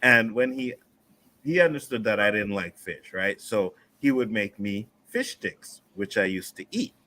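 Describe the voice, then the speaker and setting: A man from Nova Scotia hosting a casual panel discussion, profane and animated, reading out viewer messages. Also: fairly low pitch, unhurried. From Nova Scotia, Canada. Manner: profane, animated, acts out quotes. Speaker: panel show host.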